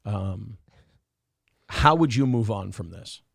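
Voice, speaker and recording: A man's voice: lowish voice, lively intonation, slow pace, creaky, no echo, studio quality. Slightly drunk rambling male host. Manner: rambling and fumbling, full of fillers. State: a little drunk. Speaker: podcast host. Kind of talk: casual live-stream chat.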